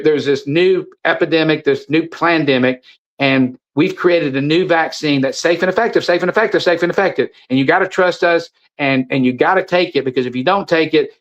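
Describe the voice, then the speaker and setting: A man's voice: a little high, highs cut off. A middle-aged man speaking as a guest in an impassioned, preachy monologue, repeating phrases and restarting his sentences. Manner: preachy, repetitive, stumbling restarts. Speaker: guest, supplement seller.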